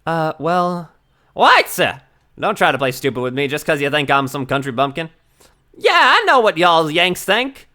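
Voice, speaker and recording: A man's voice: a little high, moderate pace, sharp tone. A man voicing a brash, tough Southern woman photographer in a game, with a drawling Southern US accent and a hollering folksy manner. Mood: scolding. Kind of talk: reading game dialogue aloud.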